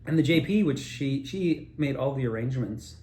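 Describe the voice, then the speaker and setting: A man's voice: medium pitch, expressive, moderate pace, warm tone, echoey room. A man telling loose, digressive personal stories, swearing and laughing at himself as he goes. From Altoona area, Pennsylvania. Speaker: storyteller. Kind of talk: rambling personal storytelling.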